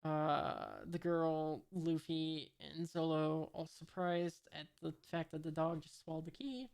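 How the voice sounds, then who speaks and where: A woman reading a comic aloud in a casual way. She pauses often on filler sounds, reads out the sound effects and describes each panel. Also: low voice, a little mellow. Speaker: reader of a comic. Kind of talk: casual comic read-along.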